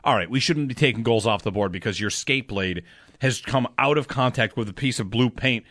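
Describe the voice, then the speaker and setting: A man's voice: medium pitch, brisk, no echo. Emphatic sports radio host man, dry mic. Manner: animated, emphatic, rising to loud outbursts. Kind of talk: sports talk radio banter.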